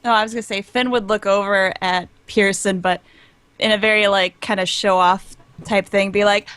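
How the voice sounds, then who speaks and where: A woman's voice: medium pitch, fairly even intonation, moderate pace, a bit bright, no room sound. A woman playing in a tabletop role-playing game, easygoing and often laughing. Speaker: player. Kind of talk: casual tabletop game play.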